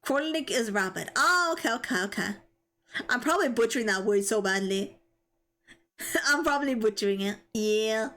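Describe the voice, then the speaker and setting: A woman's voice: a little high, lively intonation, normal speed, bright, forceful tone. A young woman streaming live, chatting casually and giggling as she reads chat and stumbles over tricky words.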